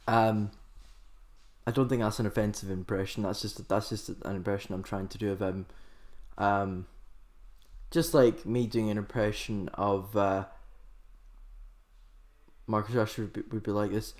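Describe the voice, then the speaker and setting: A man giving amateur live football commentary in an excitable, rambling way, often correcting himself. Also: on the low side, measured pace, long pauses. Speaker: host of a live football watchalong.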